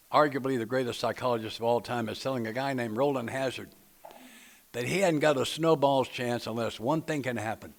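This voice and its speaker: A man talks a group through a book study. His delivery is plainspoken and folksy, with a joking edge. His pitch sits in the middle range. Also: vocal fry. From Nashville, Tennessee. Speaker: recovery meeting speaker leading a book study. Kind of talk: speaker-meeting talk to a group.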